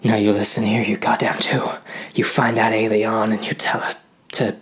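A man voicing a bossy woman crew member, brisk and commanding. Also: lowish voice, little pitch movement, fairly bright tone, husky, exaggerated voice.

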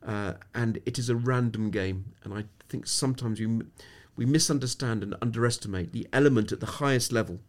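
Speaking fairly quickly and with few pauses, a middle-aged English man at medium pitch tells stories as a guest on a podcast. He's a sports psychologist, reflective and anecdotal, who keeps restarting his sentences.

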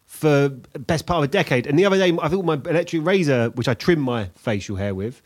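A man chatting casually, his voice a touch high and swinging widely in pitch. He muses aloud with animated energy and drops swear words freely. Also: a little fast. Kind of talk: casual chat.

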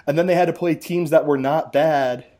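A man's voice: fairly high pitch, fairly even intonation, moderate pace, dark tone. A man hosting a casual sports podcast, wry and chatty as he rattles through scores and results. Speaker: podcast host.

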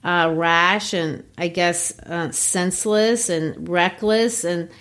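A woman co-hosting a literary discussion, explaining the text in an animated, teacherly way. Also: lowish voice, slow. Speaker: co-host.

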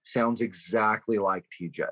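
A man from California co-hosting a podcast, recapping a film's plot in animated, profane storytelling. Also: lowish voice, measured pace, husky, poor audio. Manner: animated storytelling, swears often. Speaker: podcast co-host. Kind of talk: casual chat recapping a film.

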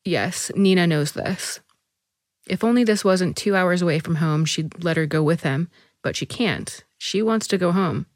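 A woman reading a short story aloud as narrator, measured and even. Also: fairly low pitch, no room sound, clean studio sound.

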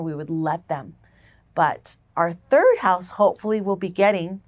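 A woman's voice: on the low side, no room sound. A woman hosting a faith show, talking casually and emphatically as she opens a Bible study. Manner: warm and chatty, emphatic lists. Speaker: podcast host and ministry founder.

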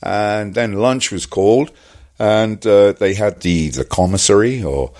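A man's voice: on the low side, unhurried, a little mellow. A man telling a long, rambling anecdote as an interview guest, full of "uh" and "you know". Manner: rambling storyteller with many fillers and restarts, acts out quotes. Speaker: guest actor.

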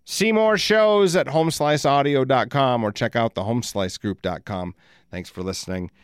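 A middle-aged man tells rambling, profane stories on his podcast, breaking into laughter as he goes. His voice sits at an ordinary pitch for a man. The studio mic sound is dry and close, with no room echo. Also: normal speed, smooth. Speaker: podcast host. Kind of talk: casual storytelling chat. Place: recording studio. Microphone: studio microphone.

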